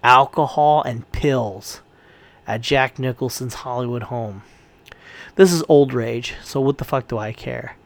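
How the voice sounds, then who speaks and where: A man's voice: medium pitch, fairly even intonation, normal speed, vocal fry, darkish tone. A man ranting in a casual commentary, heated and profane, rambling with frequent restarts.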